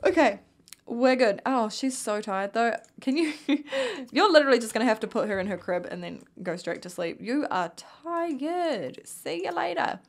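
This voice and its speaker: A woman's voice: on the high side, sing-song, unhurried, gravelly, a little mellow. A young woman with a New Zealand accent, tired and yawning, chatting casually as she plays a life-sim game and talks to her characters. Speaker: gaming youtuber. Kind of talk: casual gameplay commentary.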